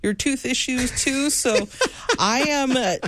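A woman's voice: high-pitched, slow pace, background noise. A woman co-hosting a radio show, chatting casually and laughing often as she tells stories. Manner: laughs often, animated storytelling. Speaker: radio co-host. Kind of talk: casual on-air chat.

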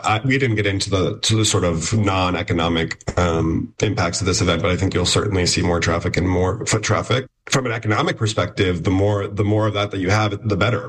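A man appearing as a reporter guest on a radio interview, explaining in an analytical way with many "you know" fillers and restarts. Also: low voice.

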